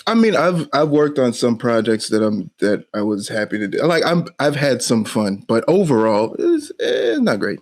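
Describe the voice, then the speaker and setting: Dry-humored male podcast guest, mid-pitched. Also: big pitch swings, normal speed, hardly any pauses. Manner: dry, wry joking. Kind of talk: casual comedic chat.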